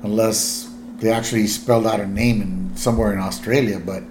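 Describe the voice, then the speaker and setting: A man's voice: lowish voice, steady tone, a little fast, reverberant, noisy background. A man co-hosting a podcast, chatting casually about a cartoon episode and adding side questions and asides. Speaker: podcast co-host. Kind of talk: casual episode recap chat.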